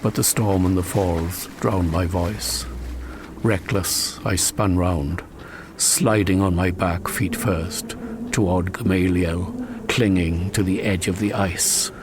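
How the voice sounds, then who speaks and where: An audiobook narrator with a low voice and steady tone tells a suspenseful first-person story in a measured, dramatic way. He breaks into sharp cries at tense moments, and the background is noisy.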